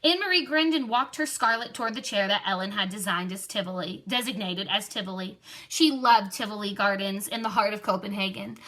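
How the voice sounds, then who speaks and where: A woman's voice: mid-range voice, fairly quick, a bit bright. A woman reading a children's novel aloud expressively, with occasional slips and restarts. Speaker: reader.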